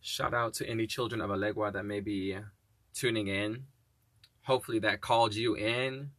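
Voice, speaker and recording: A man hosting a solo podcast, chatting casually and reading slow, deliberate affirmations in an encouraging, upbeat way. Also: fairly low pitch, fairly even intonation, fairly bright tone, no room sound. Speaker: podcast host.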